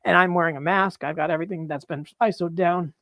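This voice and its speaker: A man chatting excitedly on a live stream as he works on his mushroom grow, laughing and apologizing often. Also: on the high side, fast talker, no room sound. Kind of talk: live-stream chat while working. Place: grow room, indoors.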